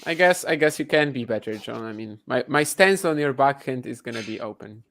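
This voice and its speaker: A man's voice: mid-range voice, animated, fairly quick, fairly bright tone, a little hiss or hum. A man co-hosting a live tennis watchalong podcast, joking and chatting casually. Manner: jokey, laughs at own jokes. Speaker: podcast co-host.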